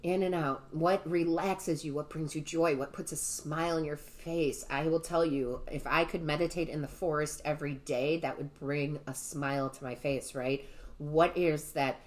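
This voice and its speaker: A woman's voice: low-pitched, fairly even intonation, moderate pace. A woman giving a casual tarot reading to her viewers. She gushes with enthusiasm and keeps asking "right?". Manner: gushing and enthusiastic, often asks "right?" and addresses viewers as "guys". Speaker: tarot reader and medium.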